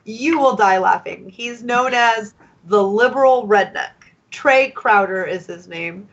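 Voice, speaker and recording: A woman's voice: medium pitch, unhurried, fairly bright tone, highs cut off. A woman from the United States co-hosting a podcast, talking in an opinionated, emphatic way. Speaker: podcast co-host. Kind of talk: casual discussion.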